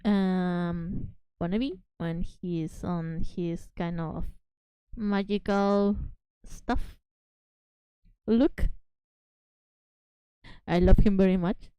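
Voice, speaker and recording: Slow-talking excitable woman, native Spanish speaker. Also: fairly low pitch, clear, resonant tone, dry recording, highs cut off. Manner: excitable, giggly, often apologetic. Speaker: VTuber streamer drawing live. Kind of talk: casual live-stream chat.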